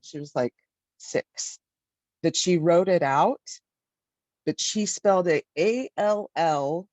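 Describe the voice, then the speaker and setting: A woman's voice: sits low, a little mellow, no room sound, highs cut off. Reflective woman sharing over a call. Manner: reflective, hesitant, many fillers. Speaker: workshop participant. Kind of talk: personal sharing in a group.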